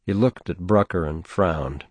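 A man narrating a novel in a measured, steady audiobook reading on a close mic. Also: low voice, husky, dry recording. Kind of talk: scripted narration.

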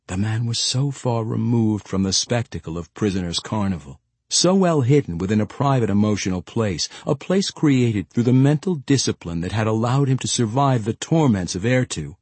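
A man reading fantasy fiction aloud in a measured, expressive storytelling manner. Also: on the low side, slightly rough, dry recording. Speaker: audiobook narrator. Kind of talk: scripted fantasy narration.

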